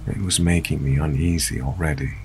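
A man narrating a first-person scary story in a steady, low-key storytelling manner. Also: fairly quick, breathy edge.

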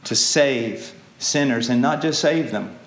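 A man preaching a sermon, with impassioned pleading that climbs to loud peaks. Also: medium pitch, slow pace. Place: church hall. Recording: echoey church with faint ambience.

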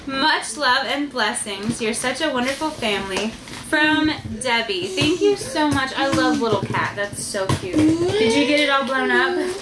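A woman hosting a casual family unboxing vlog, gushing and excitable, often laughing as she reads cards aloud. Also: sits high, a little slow, over a noisy crowd. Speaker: vlog host and mother. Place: family home with kids playing. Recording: echoey room with loud household noise.

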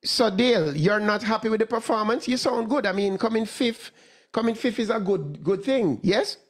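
A man hosting a sports talk show, animated, with many restarts and repeated words. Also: high voice, normal speed. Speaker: radio sports talk host. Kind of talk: casual talk show chat.

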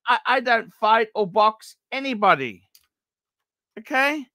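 A man's voice: very high-pitched, lively intonation, measured pace, sharp tone, no echo, clean studio sound. Blunt fifty-something man hosting a livestream. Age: 50s. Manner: blunt, profane, talks over others. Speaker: livestream host. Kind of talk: casual livestream chat.

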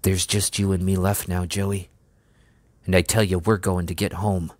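A man voicing a gentle young farm lad turned soldier, who speaks softly and fondly as if to his horse. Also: deep voice, little pitch movement, normal speed, dry recording, close to an everyday voice. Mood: determined.

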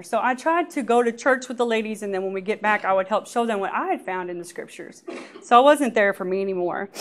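A woman giving a lively personal testimony at church, often laughing and acting out what people said. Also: medium pitch.

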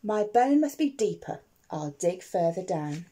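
A woman's voice: lowish voice, sing-song, a little slow, warm tone, slightly rough, full character voice. A woman doing Digger, a cheerful hungry dog. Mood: determined. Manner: sing-song rhyming lines, apologetic and cheerful. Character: hungry, polite male pet dog digging for his bone.

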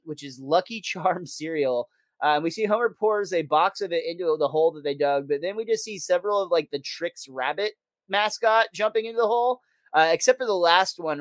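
A man in a casual podcast chat, walking through a cartoon episode in a relaxed, rambling way. His voice sits a bit high for a man and comes across close and dry, with no room sound. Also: moderate pace, no room sound. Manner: laid-back recapping with frequent fillers and laughs. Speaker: podcast co-host.

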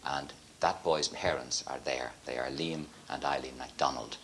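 An older Irish man hosting a studio interview, asking gentle conversational questions. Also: rumbling low, steady tone, moderate pace, a little hiss or hum. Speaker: talk show host.

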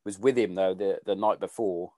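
A man's voice: deep voice, fairly even intonation, moderate pace, mellow, dry recording. A man hosting a podcast in casual conversation, swearing freely and trailing off mid-sentence. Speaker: podcast host.

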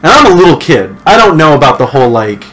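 A young man co-hosting a casual podcast, telling a long childhood story. He rambles with restarts and slips into quick impressions of his family. His voice sits a touch high. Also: very animated, a bit bright. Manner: rambling storyteller, acts out family quotes with laughs. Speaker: podcast co-host.

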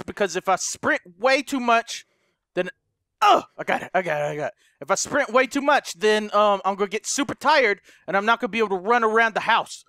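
Young guy yelling thru a let's play, high bright voice, frantic and sweary. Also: dry recording, studio quality. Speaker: gaming YouTuber.

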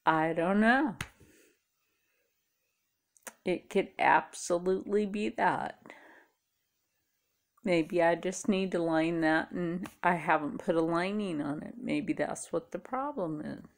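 A woman's voice: fairly low pitch, slow pace, long pauses. A tired middle-aged woman chatting casually to camera, rambling and musing aloud. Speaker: vlogger. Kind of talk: casual chat.

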